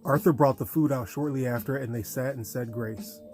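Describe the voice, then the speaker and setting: Man, audiobook narrator, steady storytelling, music faint behind. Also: medium pitch, moderate pace. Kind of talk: scripted narration.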